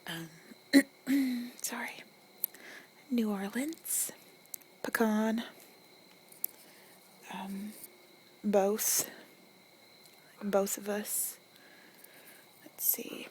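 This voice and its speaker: A young woman with an Arkansas accent in a whispered ASMR accent tag, chewing gum and musing softly, recorded outdoors at night on a phone mic. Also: medium pitch, drawn-out words, pauses often, a little hiss or hum. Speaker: ASMR creator. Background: distant cars and crickets.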